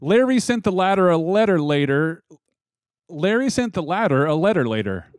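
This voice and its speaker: A man's voice: high voice, normal speed, no room sound, clean studio sound. A man co-hosting a casual podcast, reading tongue twisters and joking with friends, laughing often. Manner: jokey, laughing often, animated. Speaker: podcast co-host.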